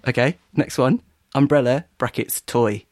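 A man's voice: mid-range voice, unhurried, no echo, clean studio sound. A man co-hosting a podcast, chatting casually while playing a word game, hesitant and giggly. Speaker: podcast co-host.

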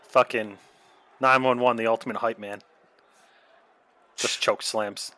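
A man's voice: medium pitch, steady tone, a little slow, sharp tone. A man co-hosting a casual watch-along podcast, trading wisecracks and laughing at his own jokes. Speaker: podcast co-host.

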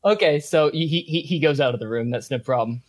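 A man running a tabletop game as game master, narrating with frequent pauses and fillers. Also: a little high. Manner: hesitant, lots of uh and um, laughing.

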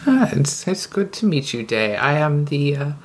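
A man's voice: a little high, big pitch swings, normal speed. A man voicing a lonely, hooded crypt keeper in a tabletop game, speaking hesitantly in a raised voice. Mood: wary welcoming.

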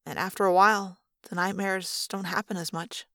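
A woman's voice: medium pitch, fairly even intonation, moderate pace, bright, forceful tone, dry recording. A woman reading a first-person audiobook aloud in an earnest, subdued way on a close microphone. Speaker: reader.

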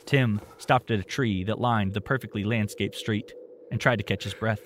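A man narrating a story in a steady, plain storytelling manner. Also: fairly low pitch, normal speed, slight background noise.

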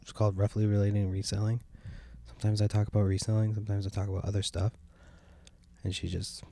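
A young adult man hosts a casual solo podcast from home by a window, rambling, meandering and complaining with heavy swearing and a sardonic edge. His voice is fairly low and dark, level in tone, and fast.

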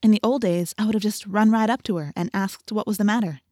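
A woman reading a first-person audiobook in a steady, intimate storytelling manner. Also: medium pitch, fast, no room sound, clean studio sound. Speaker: audiobook narrator.

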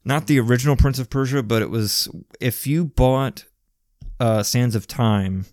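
A man's voice: mid-range voice, measured pace, darkish tone, no echo, clean studio sound. A man co-hosting a casual chat, enthusiastic and rambling, with casual slang. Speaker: podcast co-host. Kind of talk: casual chat about video games.

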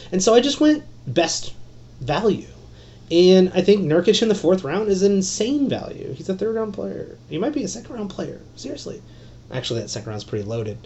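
On his solo fantasy basketball podcast, a man with a fairly high voice rambles excitably, filling gaps with fillers and the odd swear word. The audio sounds dull.

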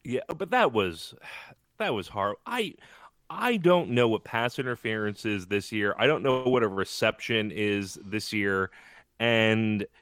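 A man with a lowish voice talks sports in loose, rambling chat. He laughs easily. The sound is dry and close, with no room around it. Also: measured pace, fairly bright tone, no room sound. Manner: chatty, laughs often, rambling. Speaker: podcast co-host. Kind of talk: casual chat.

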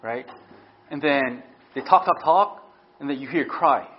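A man's voice: mid-range voice, a little slow. A middle-aged man preaching a sermon as pastor, telling stories animatedly and often asking "right?". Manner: animated storytelling, frequent "right?" tag questions. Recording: dull lo-fi sound.

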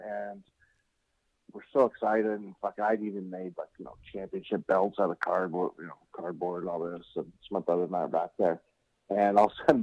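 A middle-aged man telling a story in casual chat, animated and swearing freely. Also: on the low side. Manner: animated, swearing, acting out quotes. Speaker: podcast guest. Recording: dull lo-fi sound.

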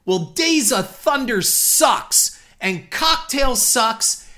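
A man acting out his friend, a furious young man shouting high-pitched insults. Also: animated, extremely slow, exaggerated voice. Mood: yelling insults.

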